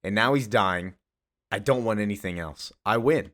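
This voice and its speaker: Brief: man reading a smug, matter-of-fact male supervillain, lower register. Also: normal speed, fairly bright tone, natural voice. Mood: gloating. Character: boastful bald adult male arch-villain.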